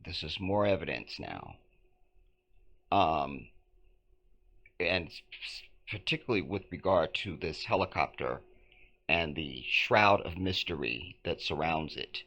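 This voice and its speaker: A man's voice: sits low, expressive, slow, gravelly, long pauses, sharp tone. A man commenting on news clips in a scornful, emphatic way, repeating phrases back. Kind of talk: conspiracy commentary vlog.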